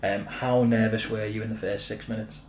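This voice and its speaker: A man's voice: fairly low pitch, flat delivery, a little fast, darkish tone, a little hiss or hum. A man hosting a casual podcast chat, playful and full of questions. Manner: playful, asks questions, laughs. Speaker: podcast host. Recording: roomy echo with faint ambience.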